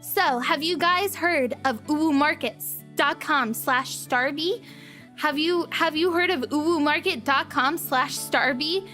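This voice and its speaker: A teasing, drawn-out sales pitch, as a young woman puts on her salesman voice. It stays fairly high and bright, delivered slowly like an overdone ad read. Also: faint music behind. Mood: salesy.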